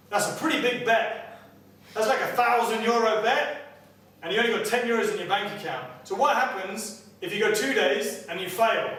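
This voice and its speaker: A man, a personal trainer giving an energetic motivational seminar who keeps checking in with his audience. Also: high voice, normal speed. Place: seminar room with clients. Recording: very echoey room, distant mic, faint noise.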